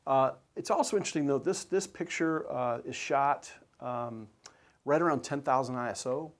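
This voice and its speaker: Man, sports photographer, presenting, enthusiastic, conversational, lots of fillers, mid pitch. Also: moderate pace. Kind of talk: presentation to an audience.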